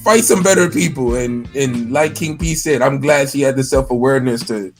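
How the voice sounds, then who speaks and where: A man's voice: mid-range voice, moderate pace, soft background music. A man co-hosting a casual boxing podcast, joking and swearing freely in loose banter. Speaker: podcast co-host.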